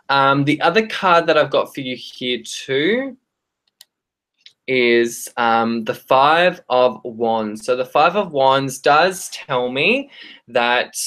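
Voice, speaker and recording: An Australian tarot reader giving live-streamed card readings to viewers in a friendly, chatty way, often pausing on ums and restarting phrases. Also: medium pitch, a bit bright.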